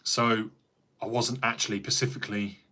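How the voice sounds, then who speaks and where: An English man with a somewhat low voice chats casually on a live stream. He rambles from one thing to the next and answers viewers by name as he works as a carpenter. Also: flat delivery, moderate pace, pushed and bright. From England. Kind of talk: casual livestream chat.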